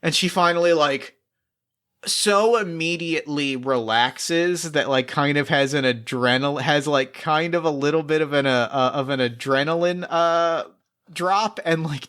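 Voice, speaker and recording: A man's voice: on the high side, normal speed, a bit bright, clean tone. Rambling man running a tabletop game. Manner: rambling, filler-heavy, laughs often. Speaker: game master. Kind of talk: narrating a tabletop role-playing game.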